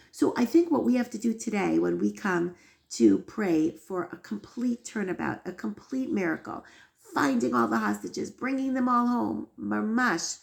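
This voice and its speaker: A woman teaches an inspirational religious lesson in an earnest, storytelling way, leaning on key words. Her mid-pitched voice has a gravelly vocal fry. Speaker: Torah teacher.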